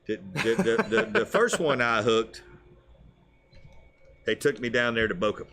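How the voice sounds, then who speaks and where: A man co-hosting a casual fishing show, telling stories with lively put-on voices and frequent laughs. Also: medium pitch, measured pace. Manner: animated storyteller, laughs often.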